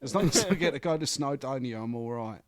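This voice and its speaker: A man's voice: mid-range voice, expressive, fast, no room sound. A man co-hosting a podcast, bantering casually, swearing freely and laughing often. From England. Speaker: podcast co-host.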